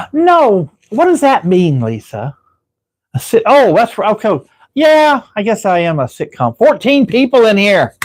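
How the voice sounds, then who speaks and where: A talkative man hosts a live stream in a high, easygoing voice. He rambles from story to story and chats back to viewers, often breaking into laughter. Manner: rambling, chatty, reading out viewer comments and laughing. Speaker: livestream host. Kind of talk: casual live-stream chat.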